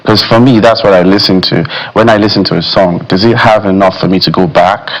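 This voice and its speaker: A man with a somewhat low voice talks as a music critic in a broadcast studio. He is measured and thoughtful, and he fills his pauses with "you know". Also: steady tone, poor audio. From Nigeria. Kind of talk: studio discussion.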